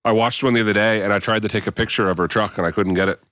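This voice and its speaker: A man's voice: lowish voice, fairly even intonation, very fast, fairly bright tone, dry recording. A man co-hosting a podcast in casual chat, telling stories with an exasperated, ranting edge. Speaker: podcast co-host.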